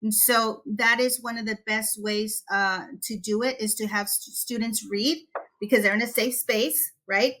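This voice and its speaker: Lively woman expert, webinar guest; crisp bright voice, upbeat teacher energy. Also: on the high side, a little slow. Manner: energetic, animated teacher talk. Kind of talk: webinar presentation. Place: Texas.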